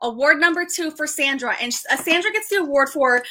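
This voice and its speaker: A young woman hosting a casual live stream, excited and rambling, stumbling over restarts and fillers as she chats with viewers. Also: sits high, fairly quick, slight background noise. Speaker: livestream host.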